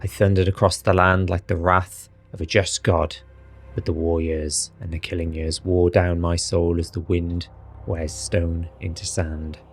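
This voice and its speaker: A man's voice: low-pitched, little pitch movement, measured pace. A man voicing an ancient, irritated noble male vampire lord, reading a journal seriously and dramatically. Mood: brooding, solemn.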